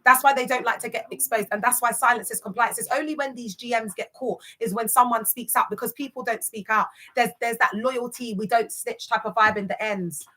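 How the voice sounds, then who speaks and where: A woman's voice: a little high, fairly even intonation, brisk, hardly any pauses, sharp tone. A young woman from West London with a London accent, giving casual vlog commentary in emphatic street slang full of rhetorical questions. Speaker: commentator on church cults.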